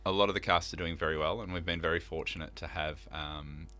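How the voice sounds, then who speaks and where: Deep bright-toned man in interview. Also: steady tone, fast talker. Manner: earnest, enthusiastic, many fillers. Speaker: theatre director, guest. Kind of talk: casual interview.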